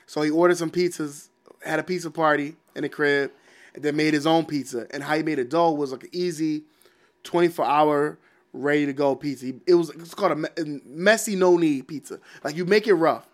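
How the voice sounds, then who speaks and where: A man, his voice a touch higher than most. He chats casually on a podcast into an uncovered studio mic. He rambles, swears and laughs between his points. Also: brisk. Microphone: studio mic without cover.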